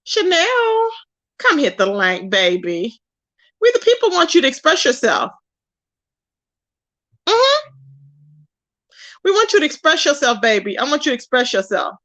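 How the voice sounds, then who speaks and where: With a fairly high, sing-song voice that's pushed and bright, this woman livestream host talks briskly over dull audio. She reads chat aloud, roasts a rival with sass, and drawls "baby" and "boo" at her viewers.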